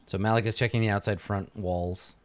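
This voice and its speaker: A man's voice: fairly low pitch, steady tone, fairly quick. A man as dungeon master, casually narrating a tabletop game and restarting phrases as he goes.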